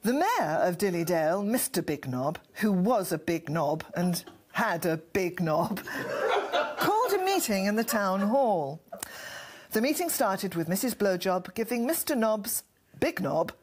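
A woman's voice: medium pitch, very animated, measured pace. A woman reading a crude comic story aloud in a mock-innocent storybook manner.

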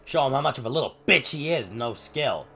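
A man streaming a fighting game, cursing at his opponent and calling out his button inputs in quick bursts. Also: mid-range voice, animated, creaky, breathy edge, faint music behind. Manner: profane, yelling at the opponent. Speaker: gamer streamer. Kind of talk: live gameplay commentary.

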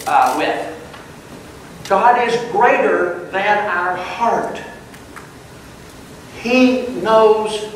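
A man's voice: sits high, a bit bright, a little hiss or hum. A man teaching a Bible class, reading verses aloud and explaining them phrase by phrase. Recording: distant mic in a very echoey room.

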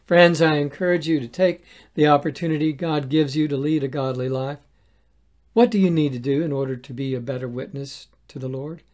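A pastor giving a devotional sermon in an earnest, measured way, often asking rhetorical questions. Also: medium pitch, steady tone, a little mellow.

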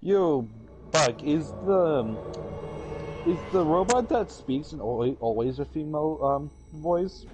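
A man's voice: fairly high pitch, animated, takes it slowly, darkish tone, soft background music. A man in casual gaming chat, jokey and chatty with his friends. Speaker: gamer.

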